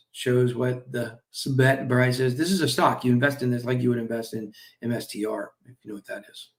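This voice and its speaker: A man's voice: medium pitch, creaky. A man hosting a crypto stream, casually reading and commenting on company news with jokey asides, fillers and apologies, sounding a little tired. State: tired, yawning. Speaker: crypto show host. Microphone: streaming mic.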